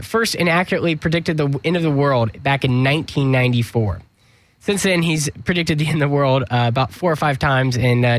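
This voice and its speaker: A man's voice: a little high, dry recording. Joking, dry-sounding man host. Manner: joking, sarcastic, stumbles and restarts. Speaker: host of a comedy news segment. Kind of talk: mock news comedy monologue.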